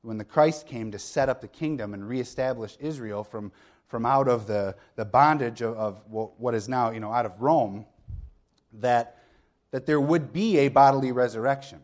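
A man's voice: mid-range voice, normal speed, a little mellow. A middle-aged man preaching a sermon in a conversational way. He talks the congregation through the point step by step, asks rhetorical questions and checks in with a frequent "okay?". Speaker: pastor.

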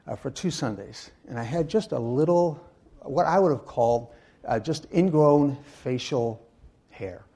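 Gravelly older man telling church stories. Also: medium pitch, a little mellow. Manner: halting, full of uh and restarts, wry humor. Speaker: guest speaker and Bible teacher. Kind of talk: anecdotal sermon talk.

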